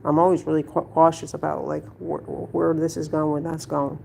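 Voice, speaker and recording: Low, gravelly-voiced woman ranting. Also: little pitch movement, moderate pace, dark tone, slight background noise. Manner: blunt, swearing, rambling with restarts. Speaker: vlogger. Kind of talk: casual storytelling to camera.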